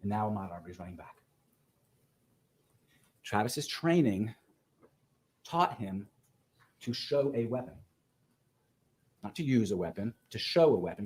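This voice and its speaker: A man, a defense attorney, giving an opening statement in court and walking through events step by step in a measured way. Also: on the low side, darkish tone, breathy edge, low-quality recording. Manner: measured, methodical walkthrough of events.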